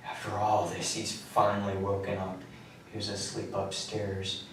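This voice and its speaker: Male suspect, low flat confession voice, reverberant room recording with faint noise. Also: a little slow. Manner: flat, matter-of-fact recounting, voice often trailing low. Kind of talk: police interrogation confession. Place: police interview room. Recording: echoey room, mic far off, faint noise.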